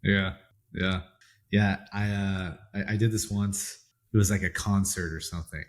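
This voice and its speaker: A man hosts a podcast in a casual, chatty way. His voice sits on the low side, and he wanders through his anecdotes with loose, rambling phrasing. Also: steady tone, moderate pace. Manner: rambling anecdotes, lots of fillers and restarts. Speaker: podcast host. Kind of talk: casual chat.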